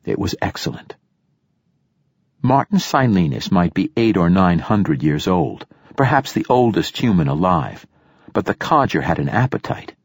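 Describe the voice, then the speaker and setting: A man reads a first-person audiobook in a measured, descriptive way. His voice is very deep and husky. The recording is close and completely dry. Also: very animated, no echo. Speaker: audiobook narrator.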